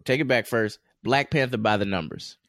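In a lowish, fairly bright voice at normal speed, another podcast co-host talks in a loose, wandering way with lots of fillers and false starts. The recording is dry and clean, studio quality.

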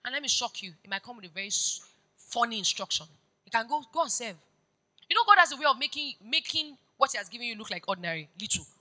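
A woman pastor preaching a sermon. She moves between hushed storytelling and loud, urgent exhortation. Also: on the high side, very animated, fast talker, rough recording.

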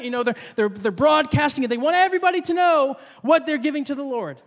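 Speaking fast with few pauses, this preacher's very high-pitched voice echoes through a large hall. His sermon is relaxed and conversational, full of repeated words and acted-out voices of the story's characters.

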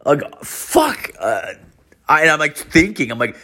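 A man's voice: fairly high pitch, expressive, moderate pace, bright, forceful tone. A man in his thirties hosting a podcast, rambling in a casual, heavily profane, self-mocking monologue. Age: 30s. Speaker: podcast host.

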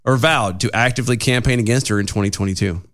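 A man's voice: mid-range voice, quick pace, fairly bright tone. A man co-hosting a casual news podcast, reading items aloud and then arguing his opinion. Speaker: podcast co-host. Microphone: studio mic with pop filter.

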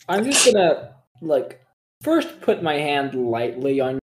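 Lively, slow-talking tabletop player. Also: mid-range voice, background noise. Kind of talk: casual tabletop play.

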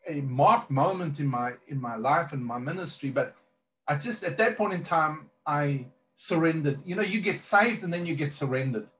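A man's voice: on the high side, expressive, normal speed, fairly bright tone. A man who is a minister, earnestly telling a personal testimony in conversation, rambling with many fillers and restarts.

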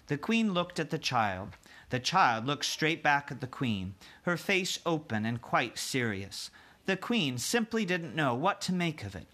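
A man, a teacher, reading a chapter book aloud to his class and pausing to explain hard words for children. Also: medium pitch, sharp tone.

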